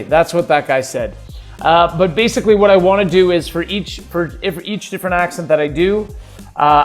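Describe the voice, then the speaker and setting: Man, podcast host, casual solo monologue, goofy and rambling, slightly high voice, faint music behind. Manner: goofy, rambling, self-amused.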